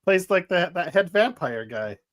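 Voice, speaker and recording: Guy with kinda high voice chatting on a stream, opinionated, keyboard clicks. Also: big pitch swings, normal speed, a bit bright. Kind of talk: casual livestream chat.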